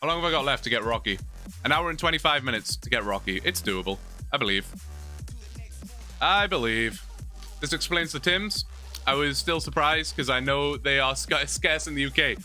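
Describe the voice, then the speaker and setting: A man's voice: mid-range voice, brisk, sharp tone, faint music behind. A British man from England, chatting casually and joking with viewers during a live gaming stream. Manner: chatty, joking, many restarts.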